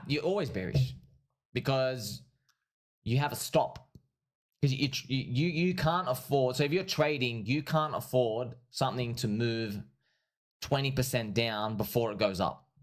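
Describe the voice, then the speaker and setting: Excitable man streaming crypto chart talk. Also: mid-range voice. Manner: excitable and repetitive, keeps calling the audience friends; laughs at his own points. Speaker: livestream host and crypto trader. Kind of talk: casual livestream chart commentary.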